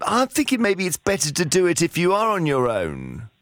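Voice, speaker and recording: A man's voice: high voice, wildly swooping pitch, a bit bright, no room sound, studio quality. A man hosting a radio phone-in, chatting with callers in an encouraging, joking way. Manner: chatty, encouraging, quick to joke.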